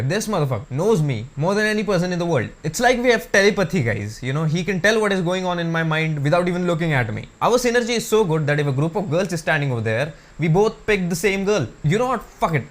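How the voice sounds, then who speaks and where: Stand-up comedian, male, raised voice, crude and chatty, performing to camera in his room. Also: a little high. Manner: crude, conversational, addresses viewers as guys. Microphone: camera mic.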